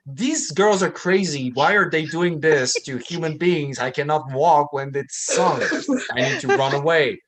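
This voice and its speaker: A man from France, a guest on a video call, talking in an animated, mocking way and acting out quotes. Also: a little high, a little slow, few pauses. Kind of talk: casual chat.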